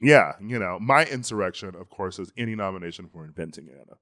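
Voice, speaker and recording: A man's voice: deep voice, lively intonation, quick pace, fairly bright tone. A man co-hosting a podcast, chatting about pop culture in a playful, enthusiastic way with frequent laughter. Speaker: podcast co-host. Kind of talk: casual pop-culture chat.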